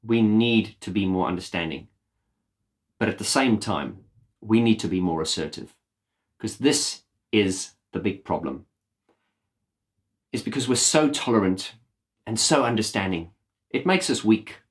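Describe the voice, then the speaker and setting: A YouTube host speaks straight to camera in an earnest, impassioned vlog rant, swearing bluntly. His voice is fairly low and expressive, a little slow, with long pauses.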